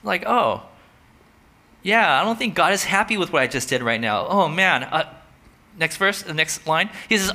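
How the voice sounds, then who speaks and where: A man preaching a sermon in a relaxed, conversational way, telling a story and lifting his voice when he quotes. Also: sits high, moderate pace. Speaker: pastor.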